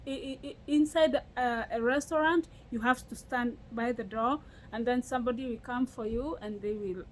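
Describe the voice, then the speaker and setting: Young Kenyan woman, casual vlog chat, lively storyteller, slightly high. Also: moderate pace, low-quality recording. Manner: animated storytelling with frequent laughs and restarts. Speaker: vlogger.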